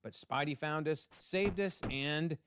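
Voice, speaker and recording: A man from Canada, a channel host recapping a comic book in an excitable, animated way. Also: on the high side, unhurried, background noise.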